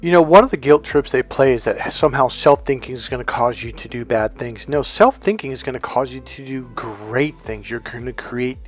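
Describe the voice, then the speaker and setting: A man's voice: mid-range voice, normal speed, hardly any pauses, faint music behind. A man who works as a dating and relationship coach, giving an emphatic, repetitive motivational monologue. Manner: emphatic, repetitive, preachy lecturing.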